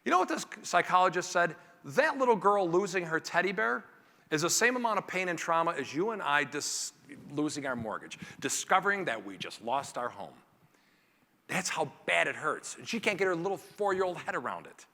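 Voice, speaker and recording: A man giving a motivational keynote speech to a conference audience, acting out family scenes in quick character voices. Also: a little high, very animated, sharp tone. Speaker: keynote speaker. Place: large conference hall. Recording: reverberant hall.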